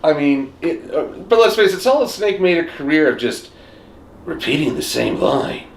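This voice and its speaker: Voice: medium pitch, big pitch swings, normal speed, creaky. A co-host in a casual group discussion, playful and teasing, given to mock-dramatic asides. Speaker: podcast co-host. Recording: roomy echo with faint background hum.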